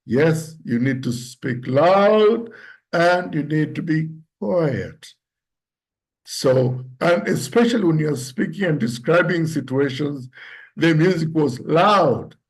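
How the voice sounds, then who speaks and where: A man teaches how the voice carries meaning. He speaks slowly and unhurriedly, in a slightly higher register, and now and then acts out example phrases to show tone. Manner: deliberate, demonstrates pitch and tone examples aloud. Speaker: public speaking coach. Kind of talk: instructive talk on voice and public speaking.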